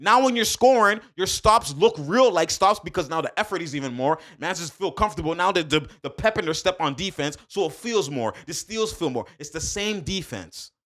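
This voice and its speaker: A man's voice: high voice, lively intonation, a little fast, hardly any pauses, a bit bright. Fired-up man breaking down a game. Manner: emphatic, fired-up, heavy slang, addresses viewers directly; repeats phrases for emphasis. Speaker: sports commentator. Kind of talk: casual basketball breakdown.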